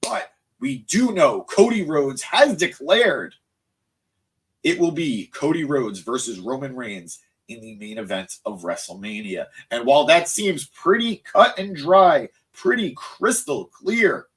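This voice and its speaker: This is a man running a live recap stream, his voice a touch higher than most men's. He sounds tired and easily distracted, drifting off to react to the chat before finding his thread again. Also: very animated, a little slow, a bit bright. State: tired, voice cracking. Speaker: wrestling show host.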